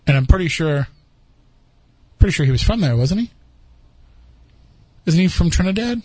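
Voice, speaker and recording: A man's voice: a little high, lively intonation, moderate pace, darkish tone, husky, no room sound. Man, podcast host, casual rambling chat, fillers, dry close mic. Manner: rambling, chuckling, many fillers.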